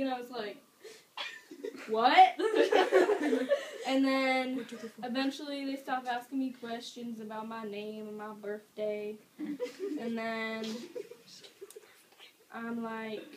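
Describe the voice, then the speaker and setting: Giggly teen girl, distant and noisy. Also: a little high. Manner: laughing often, rambling with many fillers. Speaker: storyteller. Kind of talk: casual storytelling. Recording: distant mic with loud background noise.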